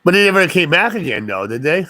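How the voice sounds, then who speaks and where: A man in a casual chat, telling a story in a rambling, profane, animated way and acting out what other people said. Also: fairly high pitch, quick pace, slight background noise. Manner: rambling, profane, animated retelling with quoted voices.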